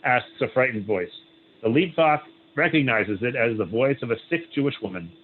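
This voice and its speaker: A rabbi who reads a story aloud with pauses, adding "right?" asides and leading a group discussion. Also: male voice, medium pitch, animated. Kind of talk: reading a story aloud, then opening discussion. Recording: tinny phone-like line, faint hiss.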